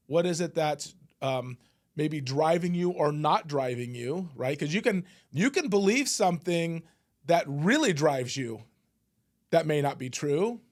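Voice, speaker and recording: A middle-aged man hosting a motivational podcast, telling stories in a loose, conversational way with fillers and restarts. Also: fairly high pitch. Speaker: podcast host and business coach. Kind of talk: casual motivational talk.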